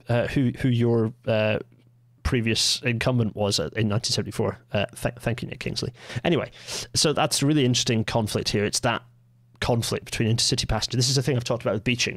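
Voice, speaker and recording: A man hosts a casual livestreamed podcast, wandering through asides and correcting himself as he goes. His voice is gravelly with a middling pitch. The recording is dry and close. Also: no room sound. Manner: rambling, self-correcting, full of fillers and asides. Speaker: podcast host.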